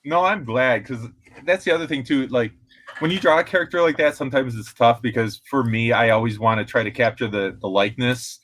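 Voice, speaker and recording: A man's voice: medium pitch, fairly quick, fairly bright tone. A man, an artist on a panel, talking casually in a rambling way with many fillers. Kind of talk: casual chat.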